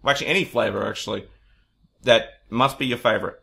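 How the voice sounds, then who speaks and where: A man's voice: medium pitch, fast, vocal fry, bright, forceful tone. A young man co-hosting a podcast, chatting casually, blunt and swearing, joking with animation. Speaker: podcast co-host. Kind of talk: casual recap chat.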